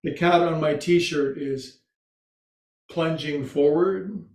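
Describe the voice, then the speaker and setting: A man's voice: on the high side, takes it slowly. A man teaching a restorative yoga class at home, talking in a chatty, joking way with self-mocking asides. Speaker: yoga instructor. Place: home room with couch and recliner. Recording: echoey room.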